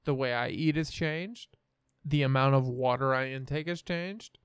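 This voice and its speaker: A man's voice: medium pitch, moderate pace, clear, resonant tone, no echo, studio quality. A young man from the American Midwest, hosting a podcast and telling a story in a rambling, profane, self-assured way. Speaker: podcast host. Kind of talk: casual storytelling chat.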